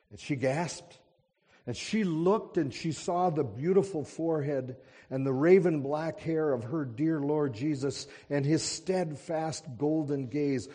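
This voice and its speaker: Preacher guy telling a story real slow and dramatic, big reverby church. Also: on the high side, warm tone, husky. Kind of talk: sermon with a dramatic story reading. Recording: long hall reverb.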